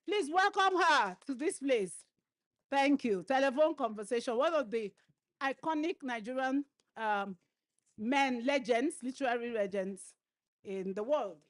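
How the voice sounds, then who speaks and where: High-voiced woman moderating a session. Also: expressive, unhurried, no echo. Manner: encouraging, asks the audience for quiet. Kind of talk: introducing a speaker on stage. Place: conference stage.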